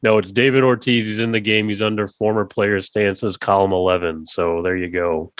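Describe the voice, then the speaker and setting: A man's voice: fairly low pitch, steady tone, normal speed, clear, resonant tone, dry recording. Laid-back man co-hosting a podcast. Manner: laughs easily, jokey. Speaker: podcast co-host. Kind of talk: casual chat.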